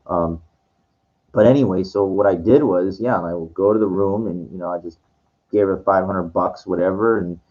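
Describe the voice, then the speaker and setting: A man's voice: deep voice, normal speed, darkish tone. A man telling a long personal story in casual monologue, rambling and full of fillers and restarts. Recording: dull lo-fi recording.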